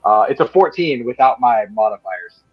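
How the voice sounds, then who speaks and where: A man playing a tabletop game, chatting casually, excitable and quick to laugh. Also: medium pitch, husky, dry recording, poor audio. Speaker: player.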